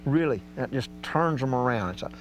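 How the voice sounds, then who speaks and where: Fairly quick and lively in intonation, a man with a mid-range voice walks listeners through duck calling. His manner is folksy and drawling with casual grammar, typical of outdoor hunting instruction, and the recording is slightly dull with a faint hum.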